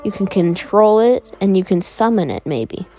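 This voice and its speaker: A woman's voice: mid-range voice, sing-song, moderate pace, mellow, faint music behind. A woman voicing a schoolteacher who questions in a matter-of-fact way. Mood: puzzled. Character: curious adult schoolteacher.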